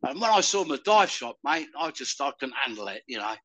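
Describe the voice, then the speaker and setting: An older man from the UK, talking loudly and rambling in a casual interview. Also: mid-range voice, very animated, brisk, low-quality recording. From United Kingdom. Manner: loud, rambling, calls the listener "mate". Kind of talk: casual conversation.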